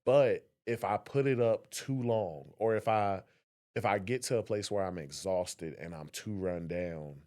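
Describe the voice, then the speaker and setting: A young man co-hosting a podcast, telling stories in a casual, animated way and acting out voices. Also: lowish voice, measured pace. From Southern West Virginia. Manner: animated storyteller, acts out voices. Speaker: podcast co-host. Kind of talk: casual conversation.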